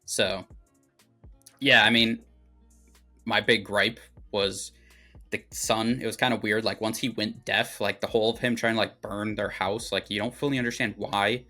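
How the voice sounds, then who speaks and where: A man's voice: fairly low pitch, fairly even intonation, normal speed, sharp tone, soft background music. A young man casually recapping a movie plot on a podcast, rambling with lots of fillers and swearing. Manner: rambling, filler-heavy, profane. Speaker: movie review podcast host.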